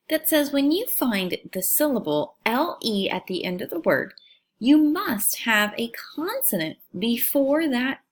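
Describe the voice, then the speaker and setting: A woman teacher giving a recorded phonics lesson for young children, speaking clearly and stretching out words. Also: fairly high pitch. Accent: American.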